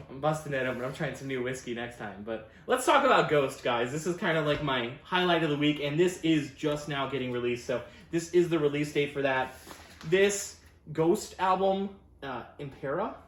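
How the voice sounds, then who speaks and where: A man's voice: a little high, roomy sound. A man hosting a casual record review show, talking enthusiastically and rambling, with many fillers and self-corrections. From United States. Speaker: record store owner and show host. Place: record store.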